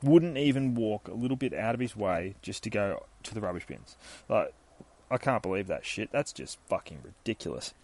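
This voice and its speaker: A man's voice: on the low side, animated, moderate pace, darkish tone. A man in his thirties hosts a podcast, rambling and swearing casually while reviewing a comic book. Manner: rambling and sweary, with many fillers. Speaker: podcast host.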